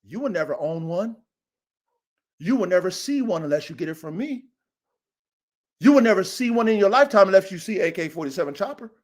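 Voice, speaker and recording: A dog breeder hosting a livestream podcast rants bluntly and with profanity, getting fired up and circling back to the same points. His high-pitched voice is darkish in tone, with lively intonation and a brisk delivery that pauses often. He's on a live stream mic.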